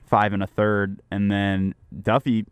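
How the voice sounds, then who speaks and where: A young man co-hosting sports talk radio. His voice is lowish and smooth, and he reels off stats in a measured way. The studio sound is dry. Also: flat delivery, dry recording. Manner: stat-heavy, measured.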